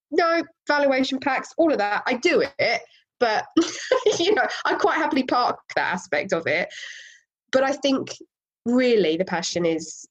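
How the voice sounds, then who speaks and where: Animated woman telling a story. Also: fairly high pitch, poor audio. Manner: animated, laughs often, lively voice swings. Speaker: guest, property investor. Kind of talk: casual conversational storytelling.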